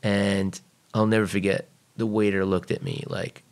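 A man's voice: lowish voice, flat delivery, normal speed. A man guest on a podcast, telling a personal story casually and bluntly, swearing freely. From United States.

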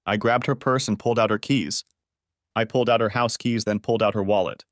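A man narrating a first-person revenge story for an audiobook, in a calm, cold, matter-of-fact manner. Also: lowish voice, a little fast, no echo, clean studio sound.

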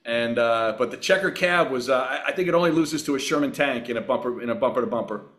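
A middle-aged man from Long Island telling wry, relaxed anecdotes as a guest in a casual interview. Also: medium pitch, quick pace. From Long Island, New York. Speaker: actor and racer, guest.

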